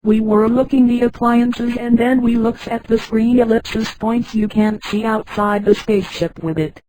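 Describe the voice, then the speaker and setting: A synthetic female voice reading the part of a quick-witted young captive woman in a space storybook, in the same flat machine delivery as the narration. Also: a little high, no echo, lightly acted, low-quality recording. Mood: explaining.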